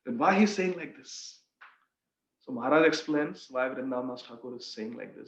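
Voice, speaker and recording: A man's voice: medium pitch, animated, normal speed, long pauses, a bit bright. A man leading a devotional scripture class, explaining with stories and addressing listeners as dear friends. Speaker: scripture teacher. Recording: roomy, dull lo-fi sound.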